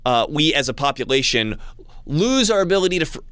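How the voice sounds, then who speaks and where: Bright-voiced man, halting monologue. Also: fairly high pitch, sing-song, clear, resonant tone, no echo, clean studio sound. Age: adult with young child. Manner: halting, many restarts and stammered repeats. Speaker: channel host. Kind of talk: casual monologue to camera.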